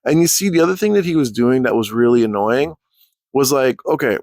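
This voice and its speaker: A young man hosting a casual storytelling vlog, talking in an animated, profane, rambling way. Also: mid-range voice, brisk, no echo, studio quality. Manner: animated, profane, rambling, jumps into quoted voices. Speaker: channel host.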